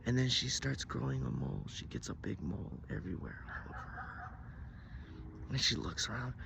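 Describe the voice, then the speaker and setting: Gravelly, lively male storyteller. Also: fairly low pitch, normal speed. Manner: lively, swings between loud bursts and near-whispers. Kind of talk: casual improvised storytelling. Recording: noisy background.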